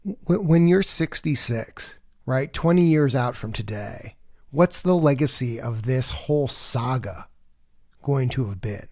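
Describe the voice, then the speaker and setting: A man hosting a podcast, interviewing a guest and narrating in a conversational, measured way. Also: mid-range voice, animated, a little mellow. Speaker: podcast host.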